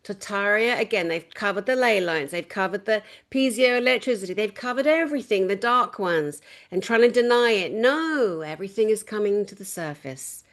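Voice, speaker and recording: A woman hosting a casual conversation who talks emphatically and with passion, moving from loud exclamations to quiet, earnest asides. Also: mid-range voice, lively intonation, normal speed, hardly any pauses. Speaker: host.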